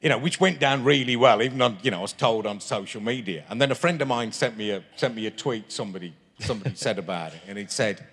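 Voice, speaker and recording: A man's voice: medium pitch, quick pace, few pauses. A man, telling rambling anecdotes full of restarts as a guest at a live stage interview. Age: 50s. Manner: rambling storyteller with many restarts. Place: large town hall stage. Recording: long reverb of a large hall.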